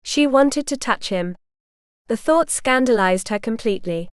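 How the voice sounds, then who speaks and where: A woman narrating a romance audiobook in a measured, even storytelling manner. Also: on the high side, smooth, no room sound, clean studio sound. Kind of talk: scripted narration.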